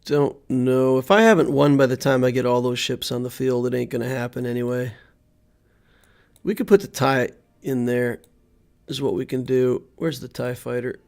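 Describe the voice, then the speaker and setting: Gravelly man muttering through gameplay. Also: mid-range voice, normal speed, a little mellow. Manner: thinks aloud, mutters to himself while playing. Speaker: game streamer. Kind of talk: live gameplay commentary.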